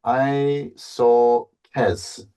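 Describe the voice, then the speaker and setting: A man's voice: mid-range voice, level tone, very slow, dark tone, clear, resonant tone. A man in his sixties, a guest actor, telling a rambling anecdote in casual interview chat and searching for words. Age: 60s.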